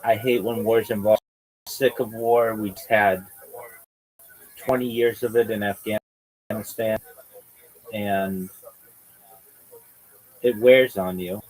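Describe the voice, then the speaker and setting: A man's voice: on the low side, fairly even intonation, takes it slowly, pauses often, a little mellow, rough recording. A man hosting a livestream in casual chat, swearing and using slang as he rambles. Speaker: livestream host.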